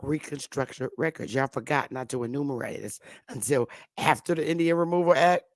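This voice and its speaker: A woman's voice: extremely low pitch, fairly quick, dry recording, clean studio sound. Fired-up woman ranting on a live stream. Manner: emphatic, profane, repeating rhetorical questions. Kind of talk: heated live-stream rant.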